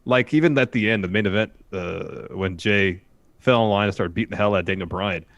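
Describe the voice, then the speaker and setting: A man's voice: on the low side, a little fast, fairly bright tone, no room sound, dull audio. A man co-hosting a casual wrestling review show, talking with eager enthusiasm. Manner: enthusiastic, gushing praise. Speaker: podcast co-host.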